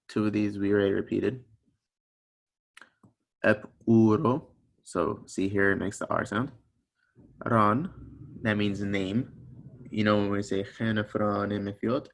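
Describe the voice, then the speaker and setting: A gravelly, somewhat bright voice pitched fairly low comes from a young man teaching in a recorded language lesson. He is patient, breaking down each sound one step at a time and going over his examples again so they're easy to follow.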